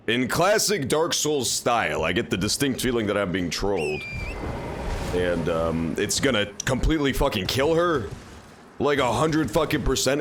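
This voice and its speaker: Over a noisy background, a gameplay streamer gives casual live commentary, joking and profane. His voice sits on the low side.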